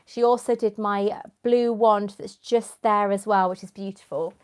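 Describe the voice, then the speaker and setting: A woman's voice: medium pitch, fairly even intonation, a little slow, clear, resonant tone. A young woman, chatting casually on a live stream, rambling and answering viewers by name, with a runny nose. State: runny nose, clearing her throat. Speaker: YouTuber hosting a live stream.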